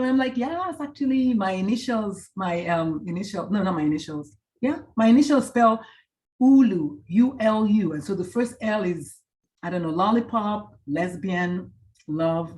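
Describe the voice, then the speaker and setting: A middle-aged woman presenter on a video call from a hotel room, chatting warmly and greeting each attendee by name. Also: medium pitch. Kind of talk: casual online talk wrap-up.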